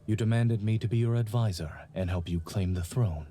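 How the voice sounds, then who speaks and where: An actor playing a calm, retired male general in a game, speaking with dry, teasing amusement. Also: lowish voice, fairly quick, soft background music, lightly acted. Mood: dryly amused. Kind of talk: game character voice acting.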